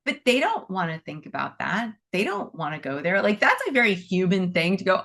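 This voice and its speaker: A woman's voice: medium pitch, very animated, brisk, creaky, fairly bright tone. A woman teaching animal Reiki in a casual, chatty talk, using many fillers and acting out inner dialogue. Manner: chatty, acts out inner dialogue in quoted voices; frequent "like" and "you know" fillers. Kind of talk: casual spoken talk to a class.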